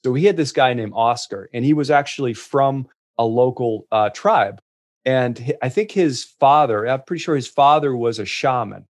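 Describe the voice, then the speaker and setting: A man telling travel stories as a guest in casual chat, restarting often and getting lively in the punchlines. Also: medium pitch, normal speed. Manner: animated storyteller, many restarts.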